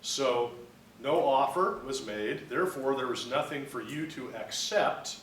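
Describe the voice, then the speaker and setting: A man's voice: medium pitch, measured pace, fairly bright tone, slight background noise. A man giving a business law lecture, explaining terms step by step and acting out a story to make a point. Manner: explains with acted-out anecdotes. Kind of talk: classroom lecture. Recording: roomy, mic at a distance.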